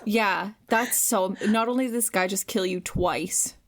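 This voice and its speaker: A woman co-hosting a podcast in casual book chat, reacting with quick quips and frequent laughs. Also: mid-range voice. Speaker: podcast co-host.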